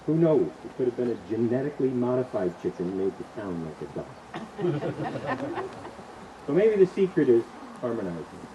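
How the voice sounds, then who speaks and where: Lively male wedding officiant outdoors. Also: mid-range voice, moderate pace, pauses often, background noise. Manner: relaxed, storytelling, lightly joking. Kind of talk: wedding ceremony address. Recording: outdoor ceremony with insects and birds.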